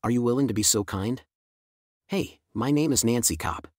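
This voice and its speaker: A man's voice: medium pitch, moderate pace, darkish tone, no echo, clean studio sound, close to an everyday voice. A man reading a sad middle-aged woman caller. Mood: apologetic.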